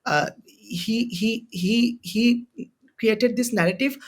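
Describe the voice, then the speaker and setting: A man's voice: very high-pitched, takes it slowly. A young man from Bangladesh with a Bangladeshi accent, a university student guest on a podcast interview, speaking in an impassioned, emotional way and repeating phrases for emphasis. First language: Bengali. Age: young adult.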